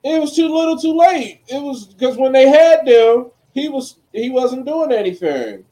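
A man's voice: very high voice, lively intonation, moderate pace, mellow. A man co-hosting a casual wrestling podcast, laid-back, dismissive and profane. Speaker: podcast co-host.

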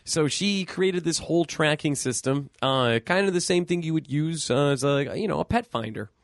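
A man chatting casually about a movie, his voice sitting fairly high. He talks in an animated, profane way, breaking into sudden loud outbursts. The sound is dry and close. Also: moderate pace, dry recording. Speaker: podcast co-host. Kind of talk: casual movie recap chat.

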